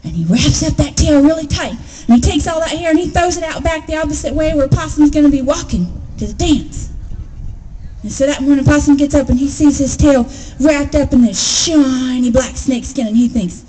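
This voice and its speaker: High-voiced lively woman storyteller. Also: moderate pace, slight background noise, rough recording. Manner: lively and expressive, with sound effects. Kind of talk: oral folk tale storytelling.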